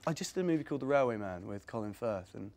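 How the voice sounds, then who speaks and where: A man's voice: on the low side, animated, fast talker, a little mellow. Rambling young English man, laughing often. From England. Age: young adult. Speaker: actor guest. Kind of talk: casual Q&A with pupils. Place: school room with audience.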